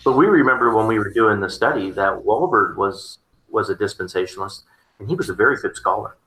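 Echoey, bright-voiced man musing on theology. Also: fairly low pitch, animated, fairly quick. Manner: rambling, repeats words, chuckles often. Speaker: theology discussion partner. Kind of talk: casual conversation.

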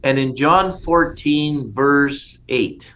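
A man's voice: mid-range voice, very slow, sharp tone. Man leading a casual Bible study. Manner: enthusiastic, conversational, frequent restarts. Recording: dull lo-fi sound with faint noise.

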